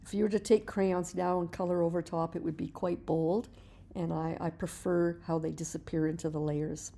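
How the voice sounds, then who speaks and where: Gravelly low-voiced woman teaching painting. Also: moderate pace. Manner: relaxed, chatty, explains while working, repeats words as she restarts. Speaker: art teacher. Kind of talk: painting tutorial voice-over.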